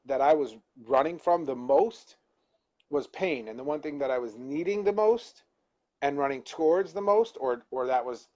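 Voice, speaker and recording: A man's voice: fairly high pitch, a little mellow, highs cut off. A man co-hosting a live-stream talk, reflecting on a personal insight and searching for words as he goes. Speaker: co-host.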